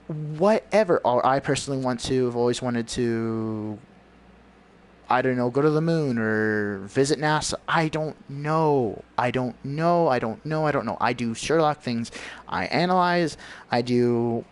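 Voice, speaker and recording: Guy ranting on his livestream, preachy and rambly, keeps hunting for words, middle pitched voice. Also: clear, resonant tone. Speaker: livestream host.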